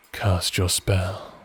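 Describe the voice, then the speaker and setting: Speaking low and breathy in an exaggerated voice, a man whispers his way through a role-play as an affectionate, teasing necromancer husband. He dotes and laughs, taking his time with flirtatious lines in a sly, seductive mood.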